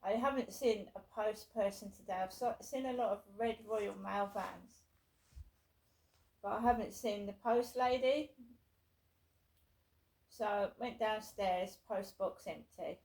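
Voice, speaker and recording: Woman vlogger, chatty and rambling, gravelly edge to the voice. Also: medium pitch, takes it slowly, pauses often, darkish tone, rough recording. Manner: rambling, many restarts and fillers. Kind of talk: casual talking to camera.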